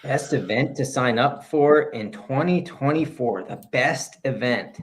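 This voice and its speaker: A man co-hosting a casual podcast, laid-back and a bit halting, often restarting his sentences. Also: mid-range voice. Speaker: podcast co-host.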